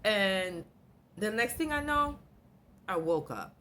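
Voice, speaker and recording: Animated, blunt woman with a bright voice. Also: medium pitch, slow pace, slight background noise. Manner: animated, blunt, swears freely. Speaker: vlogger. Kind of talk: emotional storytelling.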